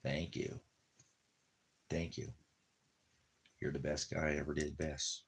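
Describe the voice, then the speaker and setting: A man's voice: rumbling low, level tone, slow, creaky, breathy edge. A man talking casually at home, rambling and repeating himself, cooing to his dog and drifting into preachy religious talk. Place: at home in the desert.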